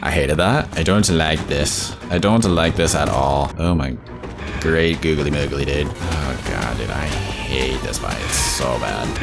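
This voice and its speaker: A man giving casual gameplay commentary as he plays, exasperated, swearing and saying "dude" a lot, with high yelps when he panics. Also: a little slow, gravelly, music in the background. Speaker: gaming YouTuber.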